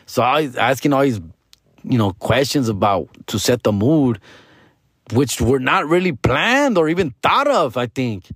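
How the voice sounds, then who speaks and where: A man's voice: medium pitch, sing-song, normal speed, a bit bright, husky, no echo, studio quality. A man hosting a comedy podcast, telling a rambling story full of street slang and repeated restarts. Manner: slangy, rambling, calls the listener dog and fool. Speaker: podcast host.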